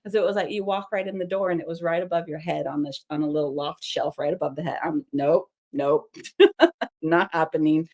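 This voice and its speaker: A woman's voice: fairly low pitch, little pitch movement, racing, hardly any pauses, a little mellow. A woman chatting casually as she demonstrates a mixed-media craft at her home table, rambling and laughing often. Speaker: craft vlogger. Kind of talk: casual crafting tutorial chat.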